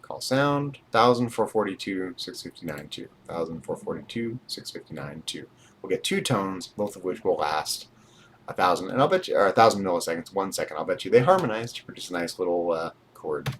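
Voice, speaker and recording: A man's voice: deep voice, animated, a little fast, a little hiss or hum. A man reading from a programming book aloud and dictating numbers as he types them, thinking aloud with dry asides. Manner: reads book passages, then dictates numbers while typing. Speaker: instructor working through a programming book. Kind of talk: live-streamed coding lesson, reading aloud and typing. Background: keyboard typing.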